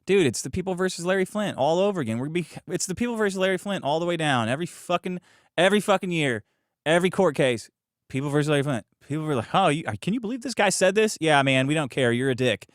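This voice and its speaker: A man with a fairly high voice talks close to the mic in a dry, dead room, with no echo. He reads legal text aloud in a flat way, then breaks into crude, sneering rants and jokes. The asides swear a lot and mock what he has just read. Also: fast talker. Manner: profane, sarcastic, mocking asides between read passages. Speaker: podcast host. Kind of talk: ranting commentary reading legal documents.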